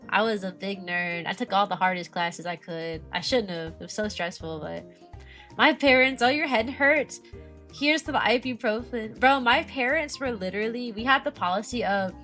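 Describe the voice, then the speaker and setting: Bright-voiced chatty young woman. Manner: chatty, animated, mimics parents in high voices. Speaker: vtuber streamer and kindergarten teacher. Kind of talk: casual chat.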